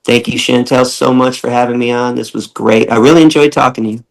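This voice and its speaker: A middle-aged man talking as a podcast guest, blunt and passionate, cursing freely and acting out the people he quotes with big jumps in pitch. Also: flat delivery, fairly quick, creaky. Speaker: podcast guest, animal rights activist. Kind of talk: casual interview talk.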